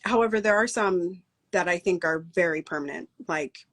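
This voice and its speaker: A woman's voice: on the low side, moderate pace. A woman co-hosting an online talk show, chatting casually and running through announcements with many fillers and laughs. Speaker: co-host.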